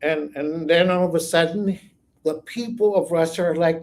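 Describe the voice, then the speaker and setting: A man with a fairly high voice hosts a live viewer Q&A on his own channel. He rambles and thinks out loud as he answers, and often circles back on his own sentences. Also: normal speed. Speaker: psychic channel host.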